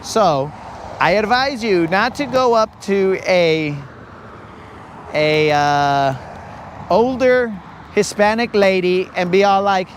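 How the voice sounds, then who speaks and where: High-voiced man joking on a fishing stream. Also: lively intonation, takes it slowly, pauses often, a little hiss or hum. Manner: rambling, joking storyteller. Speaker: live-stream fishing host. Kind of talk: casual live-stream chat. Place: outdoors on a lake.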